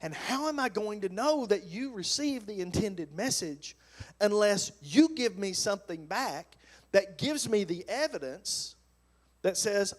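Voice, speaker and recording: Animated man preaching on marriage. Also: high voice, a little slow. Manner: animated, acts out sarcastic replies. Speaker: pastor. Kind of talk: sermon on marriage.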